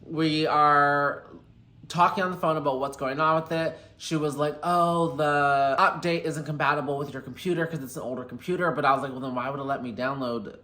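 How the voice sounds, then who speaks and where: A young man chatting through a casual storytime vlog, animated and quick to quote people. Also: on the high side. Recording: echoey room.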